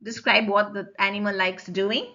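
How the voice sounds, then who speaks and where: A woman teaching French in a recorded lecture, explaining slowly, repeating forms and checking that students follow. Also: mid-range voice, fairly even intonation, pushed and bright. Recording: dull lo-fi recording.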